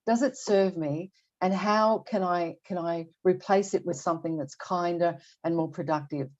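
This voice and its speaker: A woman's voice: fairly low pitch, steady tone, normal speed, darkish tone. An older woman talking candidly as a podcast guest, often restarting and repeating words as she thinks aloud. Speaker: guest expert. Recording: dull lo-fi audio.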